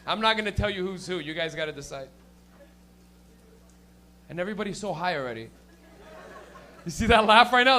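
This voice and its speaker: A man's voice: high voice, animated, brisk, pauses often, bright, forceful tone, a little hiss or hum. A young man doing stand-up, loose and profane, working and teasing the crowd. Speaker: stand-up comedian.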